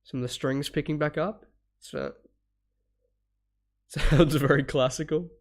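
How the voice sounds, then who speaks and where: A man's voice: a little high, steady tone, takes it slowly. A man with a cold, sniffling and stuffy, rambling casually through a live reaction stream, laughing, swearing now and then, and humming bits aloud. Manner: hums parts aloud.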